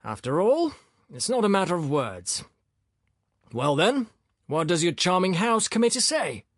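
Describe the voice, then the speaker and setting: A man's voice: sits high, very animated, a little slow, no echo, studio quality, pitched above the performer's own voice, exaggerated voice. A male narrator voicing an exasperated, sarcastic older professor who talks irritably.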